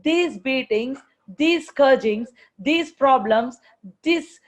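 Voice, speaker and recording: A woman's voice: high-pitched, animated, slow pace. A woman preaching a sermon, emphatic, repeating her phrases and asking rhetorical questions.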